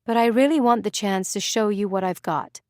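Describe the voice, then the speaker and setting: A woman's voice: medium pitch, moderate pace, a little mellow, no echo, clean studio sound, lightly acted. A woman voicing an earnest, hopeful young female writer in a storybook reading. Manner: earnest, tentative.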